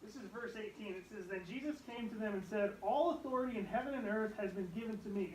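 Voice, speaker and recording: Young male youth pastor preaching, higher voice, echoey room, mic some distance off; animated delivery with hushed asides. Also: fast, hardly any pauses, a little hiss or hum. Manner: animated preaching, dropping to hushed tones for stories. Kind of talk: youth sermon.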